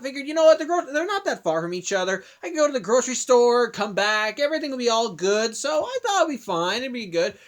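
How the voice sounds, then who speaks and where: A man in his twenties hosts his vlog and spins a story, rambling along with constant restarts and asides. His voice sits fairly high for a man and bounces lively up and down as he talks. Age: 20s. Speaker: vlogger.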